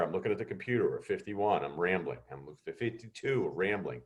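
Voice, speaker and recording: A middle-aged man telling students a story over a video call, animated and acting out the voices of others. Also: fairly low pitch, a little fast, hardly any pauses. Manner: animated, acts out quoted voices. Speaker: guest speaker.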